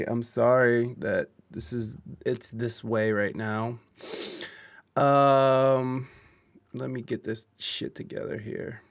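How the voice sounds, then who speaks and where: A man's voice: medium pitch, dry recording, clean studio sound. A man hosting a live-streamed podcast, chatting casually and venting about technical trouble, swearing and rambling with lots of fillers. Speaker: podcast host. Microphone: video call.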